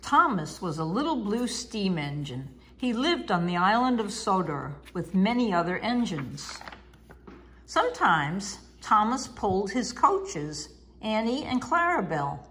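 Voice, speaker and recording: A woman reads a children's picture book aloud at an unhurried pace. Her voice is lively and sing-song, rising and falling as she tells the story. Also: medium pitch. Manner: slow, expressive, sing-song.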